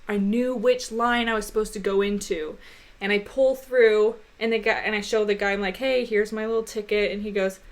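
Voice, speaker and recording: A young woman co-hosting a podcast, telling a personal story in a casual, animated way, laughing often. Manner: animated, laughing, gets high and loud when retelling upset moments. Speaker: podcast co-host.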